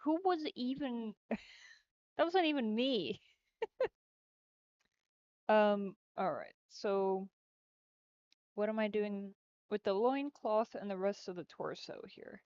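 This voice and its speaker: A woman's voice: mid-range voice, expressive, slow, pauses often, darkish tone, clear, resonant tone, no echo. A woman game developer chatting casually during a livestream as she works, giggly and rambling. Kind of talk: casual chat while working on a livestream. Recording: dull lo-fi stream audio.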